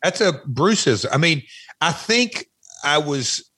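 A man's voice: on the high side, big pitch swings, slow, sharp tone, breathy edge, dry recording. A man in his fifties with a Tennessee accent, chatting as a guest on a podcast, rambling and self-mocking with many restarts. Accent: Southern US, Tennessee. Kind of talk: casual podcast chat.

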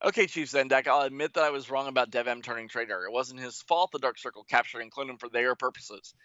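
A man's voice: mid-range voice, quick pace, bright, forceful tone, no room sound, muffled recording, lightly acted. A man voicing a prim, indignant female space agent in a mock-formal manner.

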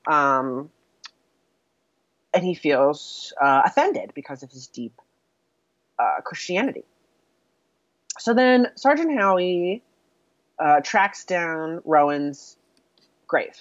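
A woman's voice: deep voice, very animated, slow, long pauses, no echo. A woman co-hosting a casual chat, recapping a film with lots of fillers and laughter. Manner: chatty, with many fillers and laughs. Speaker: podcast co-host. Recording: dull, lo-fi sound.

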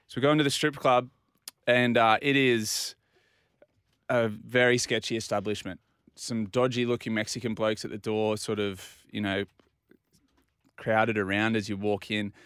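A man's voice: on the low side, little pitch movement, normal speed, a bit bright, clean tone, no room sound, studio quality. An Australian man telling a self-deprecating story on a radio show in a casual, easygoing way. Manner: easygoing, self-deprecating, acts out quoted dialogue.

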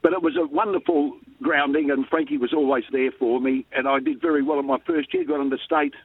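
An older Australian man telling a story in an interview, lively and chuckling between lines. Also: fairly quick, slightly rough, dry recording. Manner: animated storyteller, lively pitch jumps, chuckles. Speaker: interview guest, former cricket captain. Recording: dry, tinny phone-like line.

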